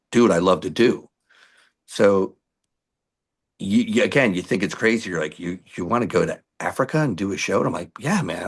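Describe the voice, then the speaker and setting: A middle-aged male musician telling lively stories in an interview, acting out what people said to him. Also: lowish voice. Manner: animated anecdotes with acted-out quotes. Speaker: musician guest. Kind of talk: storytelling interview.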